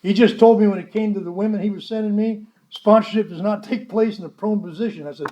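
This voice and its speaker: A man's voice: sits high, a little fast, noisy background. A man speaking at a recovery convention, telling a story in a blunt, wry way and acting out the dialogue he quotes. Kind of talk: storytelling talk to a convention audience.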